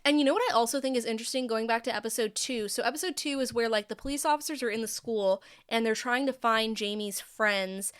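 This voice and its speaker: Young woman podcast co-host, high-ish and smooth, casual and rambly. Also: fast, few pauses, a bit bright. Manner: chatty, lots of "like" fillers, thinking aloud. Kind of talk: casual chat.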